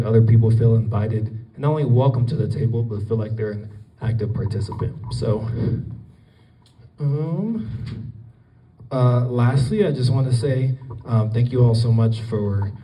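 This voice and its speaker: With a dark tone and medium pitch, this Colorado guest speaker rambles through a casual public talk, using lots of fillers and starting over often. The event hall recording with an audience is distant and roomy.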